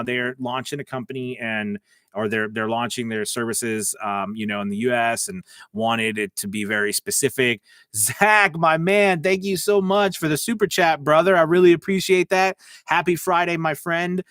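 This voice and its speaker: A man's voice: mid-range voice, fairly bright tone, dry recording, clean studio sound. A man with a slight Southern US drawl, hosting a casual livestream as a voice-over coach, talking in a rambling, chatty way full of fillers and asides. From United States.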